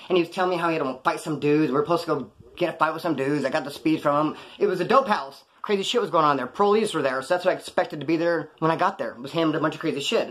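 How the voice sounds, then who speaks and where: A former prisoner in middle age narrates a crime story in a fairly bright voice that runs on the high side. The delivery is laid-back and profane, heavy on street slang, and it wanders between asides.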